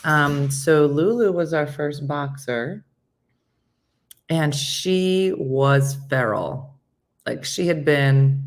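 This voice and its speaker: A woman hosting a morning show, chatting casually and telling a rambling, animated story with acted-out quotes. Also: deep voice, drawn-out words.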